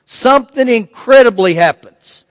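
A middle-aged pastor preaches in a folksy, joking manner, with a very high-pitched voice for a man. His voice sits dry and close on the mic, with a long hall reverb trailing behind it. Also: animated, a little slow. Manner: folksy, preaching with jokes and scripture reading. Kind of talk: sermon.

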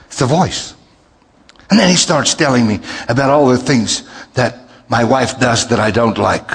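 A man's voice: slow, pauses often, long reverb tail. A male pastor preaching a sermon, telling a story and acting out the dialogue with big jumps in his voice. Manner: animated, acts out dialogue with big pitch jumps.

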